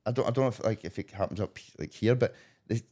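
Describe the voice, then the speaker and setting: A man with a Scottish accent hosting a podcast, swearing freely in quick banter. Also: on the low side, warm tone. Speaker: podcast host. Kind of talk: casual chat.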